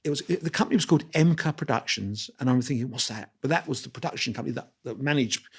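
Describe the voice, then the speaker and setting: A man in his sixties, a guest on an interview show, telling lively stories against himself, acting out the voices and laughing as he talks. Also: mid-range voice, fast talker, slightly rough. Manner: lively anecdotal storyteller, acts out dialogue; self-deprecating, laughs while talking. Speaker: guest photographer. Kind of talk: storytelling interview.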